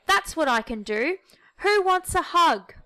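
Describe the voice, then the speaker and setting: A woman voicing a small, soft, floppy toy who is shy and unsure, speaking gently and hesitantly. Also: on the high side, moderate pace, clean tone, dry recording, poor audio. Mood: excited.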